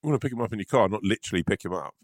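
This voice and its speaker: A man chats loosely as co-host, rambling and poking fun at himself while laughing often. His voice sits low but swings widely in tune, and the sound is very dry and close. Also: lively intonation, very fast, no echo. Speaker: podcast co-host. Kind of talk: casual comedic chat.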